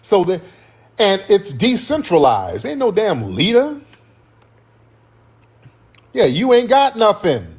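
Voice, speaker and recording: A man's voice: sits high, huge pitch swings, slow pace, long pauses, slightly rough. A man hosting a heated livestream, talking to his chat in a combative, slangy way with plenty of swearing. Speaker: livestream host.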